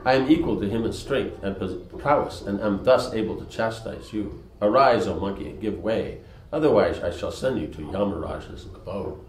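A proud warrior prince with a commanding, declaiming delivery, as a male reader puts him on. His voice sits a little low and is raised and forceful. The words ring with a roomy echo. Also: moderate pace, a little hiss or hum, natural voice.

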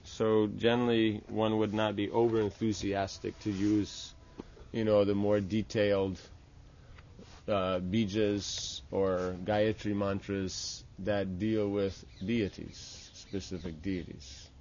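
A man's voice: lowish voice, little pitch movement, slow pace, a little mellow, highs cut off, a little hiss or hum. A man teaching the steps of a temple worship ritual, explaining patiently and often checking with "right?". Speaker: religious teacher. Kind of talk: instructional talk on temple worship.

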